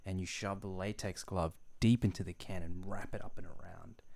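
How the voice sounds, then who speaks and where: A man's voice: sits low, steady tone, normal speed, vocal fry, darkish tone, no room sound. A man, co-hosting a podcast and telling a story in casual chat, full of fillers. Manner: rambling, filler-heavy storytelling. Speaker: podcast co-host.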